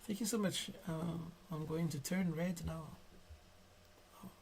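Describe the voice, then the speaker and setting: A man with a French accent chatting casually on a live stream while he draws, soft and careful, stuttering at times. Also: on the high side, fairly even intonation, measured pace, creaky, a little hiss or hum. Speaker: digital artist live-streaming.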